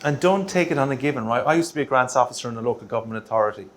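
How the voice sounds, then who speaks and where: A middle-aged Irish man presenting a workshop in a meeting room, chatty and teasing, ending his points with a quick "right?". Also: mid-range voice, lively intonation. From Ireland. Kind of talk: joking workshop talk.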